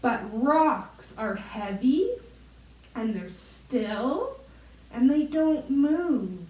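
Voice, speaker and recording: Woman, kids' yoga teacher, high lively voice, unhurried, roomy echo, a bit off mic. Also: distant mic. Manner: playful, encouraging, makes animal sounds. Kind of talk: guided children's yoga class.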